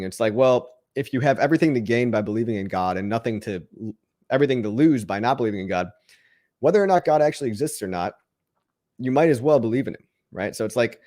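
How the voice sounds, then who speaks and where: With a darkish tone and a typical middle pitch for a man, a livestream host responds to chat in a loose, rambling pep talk aimed right at viewers. He frequently restarts his sentences while keeping things encouraging and upbeat in this casual motivational rant.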